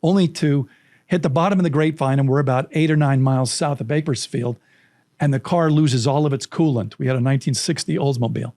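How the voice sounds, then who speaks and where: A man's voice: mid-range voice, fast, mellow, no room sound, clean studio sound. A man in his sixties, a storytelling coach, telling a childhood anecdote as an interview guest, vividly acting out the people in it.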